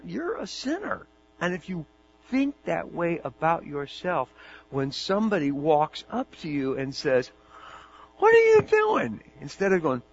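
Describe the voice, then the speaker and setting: A middle-aged man, a pastor, preaching a sermon in a conversational storytelling way, often repeating words as he talks. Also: on the high side. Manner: conversational storytelling, animated and repetitive. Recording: dull recording with faint mains hum.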